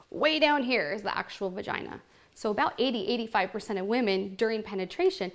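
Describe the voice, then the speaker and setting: A woman hosting a home party for a live group and demonstrating products, talking in a playful, cheeky way with frequent asides to the room. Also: mid-range voice. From Oregon.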